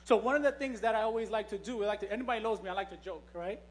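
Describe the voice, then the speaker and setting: Guy preaching in church, kinda high voice, loose jokey storytelling, lots of restarts. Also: very fast. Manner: joking, storytelling, frequent restarts. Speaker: pastor. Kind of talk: conversational sermon.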